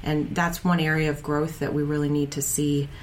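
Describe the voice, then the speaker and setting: A woman co-hosting a podcast, talking in a steady, conversational way with frequent fillers. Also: sits low, normal speed, slight background noise. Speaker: podcast co-host. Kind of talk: casual podcast chat.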